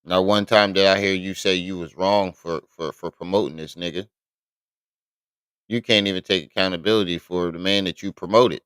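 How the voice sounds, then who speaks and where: A man's voice: sits low, fairly even intonation, normal speed, a bit bright, smooth, no room sound. A man hosting a live stream, reacting bluntly and with exasperation, swearing often.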